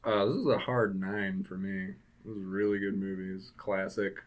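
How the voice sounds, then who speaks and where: A man's voice: low voice, fairly even intonation, normal speed. A man co-hosting a casual movie podcast who mostly answers in short agreeing replies and gives plain, easygoing opinions. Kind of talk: casual chat.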